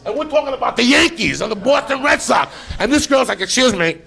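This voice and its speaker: Gravelly man telling a profane comic story. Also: extremely high pitch, fast. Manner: profane, excitable, acts out every line. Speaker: podcast host. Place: live podcast stage.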